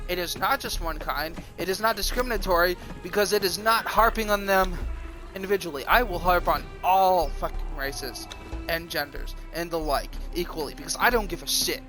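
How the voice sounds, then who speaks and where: A man streaming live, ranting in a profane, defiant and self-mocking way. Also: high voice. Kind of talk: rambling livestream monologue.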